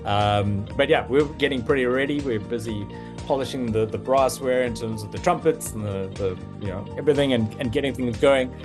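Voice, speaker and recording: A man hosts a relaxed livestream, talking in a loose, halting way. He stumbles through restarts and fills the gaps with plenty of "uh"s and "um"s. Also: mid-range voice, music in the background. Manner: halting, with many fillers and restarts. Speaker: host. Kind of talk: casual livestream chat.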